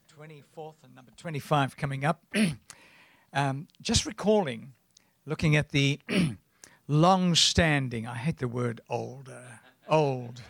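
A man in his seventies with a South African accent, preaching as a guest in a rambling, anecdotal way and often clearing his throat. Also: on the high side, fairly bright tone, no echo. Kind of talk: sermon.

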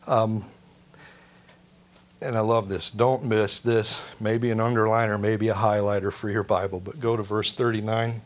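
A man preaching a sermon in church, mixing quick jokes with plain teaching and dropping to a soft, hushed voice when he prays. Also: on the low side, little pitch movement. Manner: joking asides, drops to a soft hush for prayer. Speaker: pastor.

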